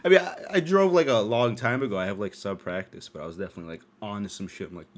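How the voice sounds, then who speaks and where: A young man telling a rambling story on his own podcast, swearing freely, laughing, and swinging between loud outbursts and low mumbles. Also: animated, fast. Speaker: podcast host.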